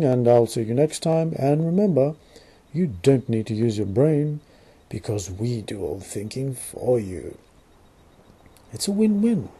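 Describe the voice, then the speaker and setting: A man's voice: medium pitch, dark tone, breathy edge. A man with an Australian accent playing a sarcastic, mock-formal male Illuminati news anchor in a satirical newscast, putting on a shaky British accent. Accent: put-on British over Australian. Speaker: comedic news presenter.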